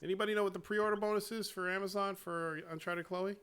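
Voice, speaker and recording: A man hosting a casual gaming chat show, talking in a profane, animated way and laughing often. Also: high voice, fast talker, clean tone, soft background music. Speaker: show host.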